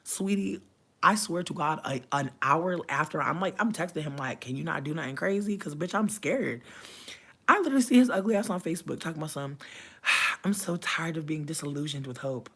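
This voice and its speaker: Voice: mid-range voice, animated, brisk, pushed and bright, slightly rough. A young adult vlogger telling a story in a casual rant, venting animatedly with heavy slang and cursing.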